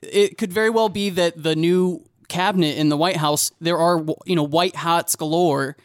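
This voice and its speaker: A man's voice: on the high side, fairly even intonation, moderate pace, smooth, no room sound, clean studio sound. A man co-hosting a casual podcast, asking questions with joking asides. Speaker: podcast co-host.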